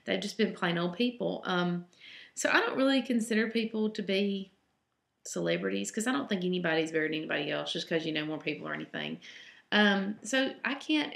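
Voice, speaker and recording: A Southern US woman, a home cook, rambles through reader questions in a casual Q&A vlog, full of ums and side trips. Her medium-pitched voice is creaky with a fairly bright tone, and the recording carries a roomy echo.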